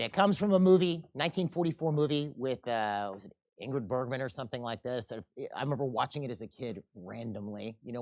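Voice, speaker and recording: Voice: mid-range voice, dry recording, clean studio sound. Casual seminar presenter quizzing the audience. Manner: casual, asks the audience questions, tells anecdotes. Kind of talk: conversational seminar lecture.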